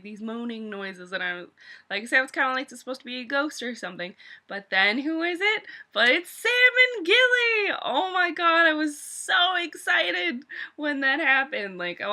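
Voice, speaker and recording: A woman casually recapping a TV episode for her video channel, animated and swearing often as she exclaims over events. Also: mid-range voice. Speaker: video reviewer.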